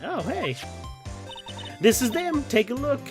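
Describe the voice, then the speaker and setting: A man voicing a brash young Southern woman photographer while reading game dialogue aloud, with a put-on folksy drawl and a sassy, loud manner. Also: very high voice, sing-song, slow pace, pitched above the performer's own voice, heavily acted. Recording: game music behind.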